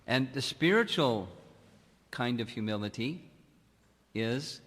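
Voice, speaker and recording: A man giving a devotional lecture as a monk, speaking slowly and deliberately with long pauses between phrases. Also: mid-range voice, fairly bright tone. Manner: slow, measured, with long pauses. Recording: long hall reverb.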